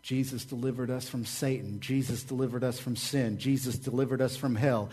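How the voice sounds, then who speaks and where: A man, the pastor, preaching a sermon with energetic, repetitive rhetoric and casual asides. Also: medium pitch, brisk, husky.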